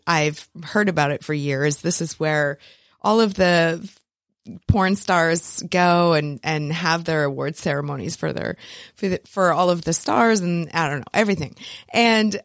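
A woman hosts her own podcast in a loose, animated solo chat. She laughs often, swears freely, and talks straight into a close mic. The sound is dry, with no room around her, and her voice sits at a middle pitch. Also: no echo. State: recovering from recent illness. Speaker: podcast host.

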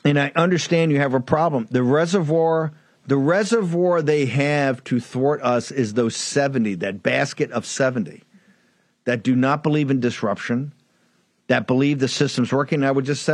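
A man's voice: mid-range voice, moderate pace, no echo. Combative man in a dry, close studio recording. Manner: combative, repetitive, addresses listener as "brother". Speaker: political talk show host. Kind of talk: political commentary monologue.

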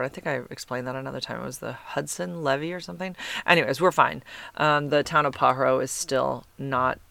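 A woman's voice: deep voice, fairly even intonation, moderate pace, creaky, fairly bright tone, no room sound. A woman hosting a podcast, reading listener comments in a rambling, chatty way and correcting herself as she goes. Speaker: podcast host.

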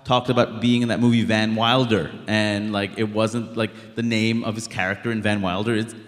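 A man's voice: lowish voice, normal speed. A man in his thirties from Queens, New York, a stand-up comedian talking bluntly in a live stage interview with lots of "like" fillers. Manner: blunt, animated, many "like" fillers. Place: live show stage in a hall. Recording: reverberant live hall.

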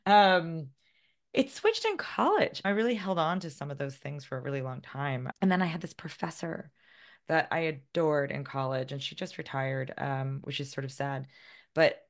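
A woman's voice: low-pitched, lively intonation, normal speed. A woman in her forties, a guest author, chatting in an interview, self-deprecating and laughing often. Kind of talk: casual interview conversation.

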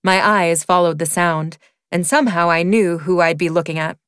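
Female reader, wry first-person romance narration, crisp and dry-sounding. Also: fairly low pitch, fairly even intonation, normal speed, a bit bright, no room sound. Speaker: audiobook reader. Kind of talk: narrating a romance novel excerpt.

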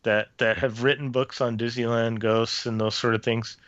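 A man's voice: medium pitch, level tone, normal speed, fairly bright tone, no echo, lo-fi sound. A man, a former theme park custodial worker, telling a personal ghost story in a casual interview, with many restarts and fillers.

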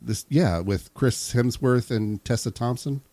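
A man's voice: medium pitch, unhurried, warm tone, no echo. A man hosting a comedy podcast, reading a story aloud to his co-hosts and breaking off to joke with them. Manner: reads the story then jokes along. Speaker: podcast host.

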